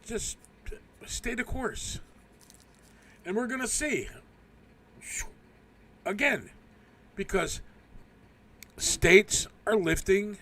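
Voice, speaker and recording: A man's voice: sits high, sharp tone, a little hiss or hum. A man hosting a live stream, rambling through a casual, profane rant and laughing often. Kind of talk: casual ranting monologue.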